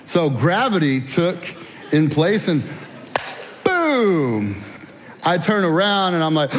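A man's voice: medium pitch, moderate pace. A middle-aged man preaching a sermon, telling folksy personal stories and speaking straight to the congregation. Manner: folksy, animated storytelling, addresses the audience directly. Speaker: guest speaker at a church. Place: church auditorium. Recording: long reverb in a large hall.

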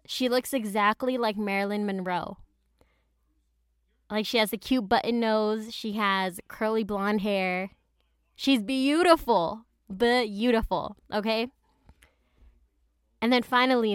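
Chatty woman podcaster with a smooth voice. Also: medium pitch, no echo, studio quality. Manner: chatty, slangy storyteller with frequent asides. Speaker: podcast host. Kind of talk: casual podcast chat retelling a story. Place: closet at home.

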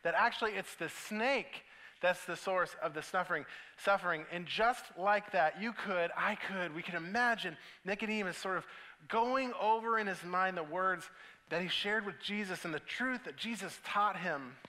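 A man preaching a sermon as pastor, telling stories in an animated way with acted asides. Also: high voice, moderate pace, poor audio.

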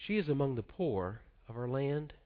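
A man's voice: mid-range voice, sing-song. Earnest male preacher, lo-fi sound. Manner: measured, earnest delivery dropping soft at the close. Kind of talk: sermon. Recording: dull lo-fi sound.

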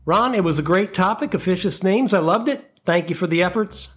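A man hosting a comedy podcast, ranting in an animated, profane, mock-outraged monologue into a close mic. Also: high-pitched, a little fast.

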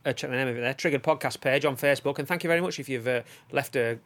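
Fast-talking jokey man. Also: medium pitch, a bit bright. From England. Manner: jokey, laughs often, rambling. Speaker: podcast co-host. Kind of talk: casual chat. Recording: noisy room with a train passing outside.

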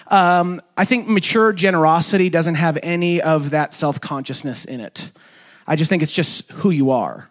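A young man preaching to his church in a loose, conversational style, his fairly high voice stumbling through small restarts and fillers. Every so often he leaps way up in pitch to act out someone's excited words. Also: moderate pace. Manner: acts out quoted voices in sudden high pitch. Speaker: pastor. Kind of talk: sermon. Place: church sanctuary.

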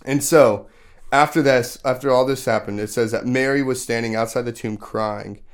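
A man's voice: medium pitch, steady tone, moderate pace, clear, resonant tone. Man casually telling children a story. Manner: casual, asks the kids questions; loose storytelling with many fillers. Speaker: podcast host. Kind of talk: retelling a Bible story to children.

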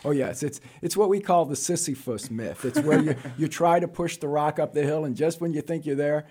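Man, middle-aged, from New York, interview guest, animated storyteller, mellow warm tone. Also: fairly quick, husky. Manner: animated, jokey storyteller with sudden high-pitched asides. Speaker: guest, college administrator.

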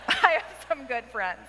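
A woman speaks to a women's audience in a testimony-style talk. Her voice is bright, forceful and a little high, and she plays out her old self with dramatic outbursts and frequent laughs. The sound carries a long hall reverb. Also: wildly swooping pitch, takes it slowly. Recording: echoey hall with faint noise.

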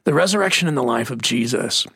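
Man, gravelly voice, slightly husky, casual preaching talk, dry sound. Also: mid-range voice, expressive, quick pace, pushed and bright, no echo. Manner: storytelling, emphatic. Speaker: pastor co-hosting a faith talk.

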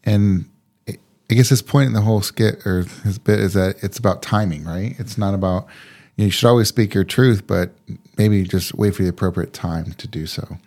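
A man in a relaxed discussion, easygoing and quick to pose questions. His voice sits low and has a gravelly texture. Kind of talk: casual discussion.

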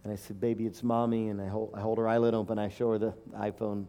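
A man's voice: on the low side, level tone, fast, dark tone. A middle-aged man preaching a sermon and telling a personal story, emotional and emphatic, rising to fervent declarations.

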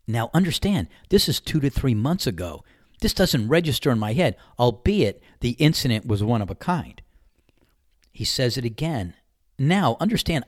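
A podcast host with a medium-pitched voice tells a personal anecdote at a moderate pace in a casual monologue. He's candid, animated, and conversational, acting out the dialogue and swearing mildly. The recording is dry and studio quality.

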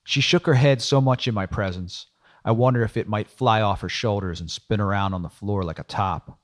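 Low-voiced man, world-weary noir audiobook narrator, dry and wry. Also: normal speed.

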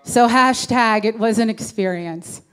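A woman addressing her church congregation, sharing her story in measured, prayerful phrases. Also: fairly high pitch, a bit bright, clean tone. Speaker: church speaker. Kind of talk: church testimony.

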